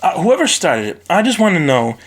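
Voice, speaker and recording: A man hosting a solo podcast recorded on a phone, ranting in an animated, profane way. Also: high-pitched, brisk, slightly rough. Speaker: podcast host.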